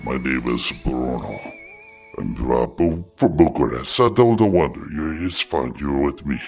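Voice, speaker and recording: A man voicing a shady Romanian bar tout in a mock foreign accent, coaxing and slow. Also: very deep voice, animated, vocal fry, a little mellow, faint music behind, voice pushed down, full character voice.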